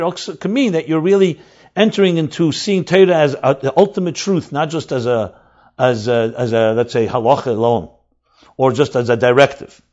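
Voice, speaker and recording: A man teaching as a rabbi, explaining texts emphatically, repeating and rephrasing key words, with Hebrew terms mixed in. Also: a little high. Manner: mixes in Hebrew and Aramaic terms. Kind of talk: explanatory Torah lecture. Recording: dull lo-fi recording.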